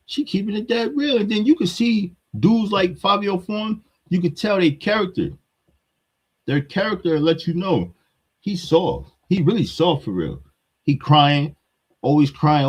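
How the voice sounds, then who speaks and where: A man's voice: sits high, darkish tone, slightly rough. A man with a New York accent, giving a blunt, heated hip-hop commentary rant that repeats its points.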